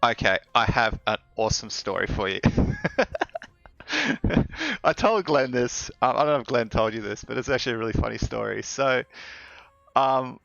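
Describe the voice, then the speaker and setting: A man's voice: medium pitch, moderate pace, vocal fry, long pauses, a bit bright, no echo, dull audio. A man chatting casually while live coding, rambling with fillers and laughing often. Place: home office.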